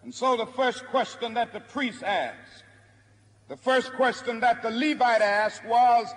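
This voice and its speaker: High-voiced preacher in a reverberant hall. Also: male voice, measured pace, a bit bright. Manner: rhythmic, repeating preacher's cadence. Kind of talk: archival sermon oration.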